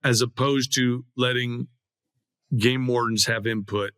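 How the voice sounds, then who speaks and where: A middle-aged man speaks as a guest in a casual interview, earnest and stumbling over restarts. His voice is bright and taut. The sound is dry and close. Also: mid-range voice, steady tone, dry recording. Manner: earnest, halting with repeated restarts. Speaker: guest, hunter.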